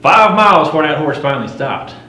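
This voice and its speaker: A middle-aged man playing a boastful frontier fur trapper, spinning a first-person campfire tall tale in a folksy drawl with rough frontier grammar, wry and swaggering. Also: fairly high pitch, lively intonation, fairly quick, sharp tone. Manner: swaggering, wry, chuckling at his own yarns. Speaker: living history storyteller. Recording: roomy recording with faint hum.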